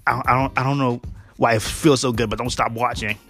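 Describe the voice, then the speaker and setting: A man doing a rough impression of a cranky old male cartoon scientist, stammering through it. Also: medium pitch, fairly even intonation, a little fast, fairly bright tone, soft background music, close to an everyday voice. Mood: dazed. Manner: stammering, self-described bad impression.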